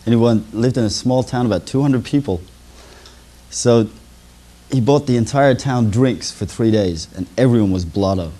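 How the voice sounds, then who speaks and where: A man's voice: medium pitch, normal speed, dark tone. A man doing stand-up comedy on a 1980s local television show, telling jokes and mimicking drunk characters in them.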